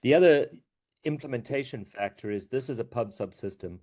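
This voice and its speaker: A man's voice: medium pitch, brisk, darkish tone. A man explaining technical points step by step on a video call, sometimes repeating words as he starts. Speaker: meeting participant. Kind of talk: technical discussion.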